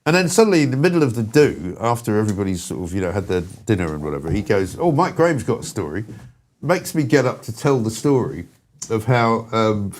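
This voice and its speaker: A man telling a story on his talk show, his pitch jumping around as he goes. He chuckles at his own anecdote and keeps it casual and chatty. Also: expressive, fast. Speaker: host.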